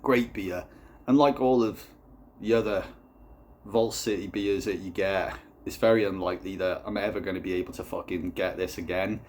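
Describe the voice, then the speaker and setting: Low-voiced guy rambling and swearing through a beer review, deadpan. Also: moderate pace, a little hiss or hum. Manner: rambling, profane, deadpan storytelling. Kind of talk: casual comic vlog.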